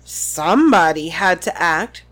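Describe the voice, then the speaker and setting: A woman's voice: on the low side, expressive, unhurried, a bit bright, voice pushed down. A woman reading a sugary, menacing woman official's lines from a book, prim and falsely sweet.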